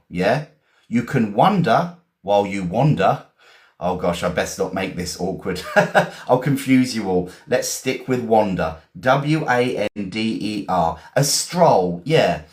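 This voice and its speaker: A man from England with an English accent, teaching vocabulary in a chatty, encouraging way, repeating and spelling words slowly. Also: on the low side, animated, darkish tone, roomy sound. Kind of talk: live-streamed vocabulary lesson.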